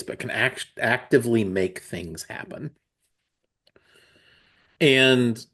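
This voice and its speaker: A man in his forties, a comics creator, talking casually and rambling through restarts as an interview guest. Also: mid-range voice. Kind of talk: casual conversation.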